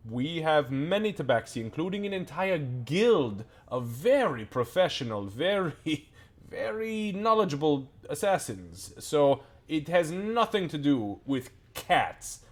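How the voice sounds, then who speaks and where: A man's voice: on the low side, normal speed, lightly acted. A man voicing a weary, officious male guard captain in a tabletop game who rambles and gets flustered.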